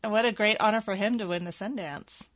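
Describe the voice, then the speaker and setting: A woman's voice: medium pitch, brisk, fairly bright tone. A woman hosting a casual interview who laughs easily and muses on life. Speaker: interviewer host. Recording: echoey room.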